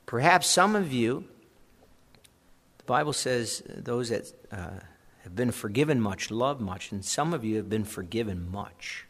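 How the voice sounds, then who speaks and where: Brief: male pastor, slow deliberate sermon with lively swings in pitch, echoing church hall. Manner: conversational preaching, animated with asides.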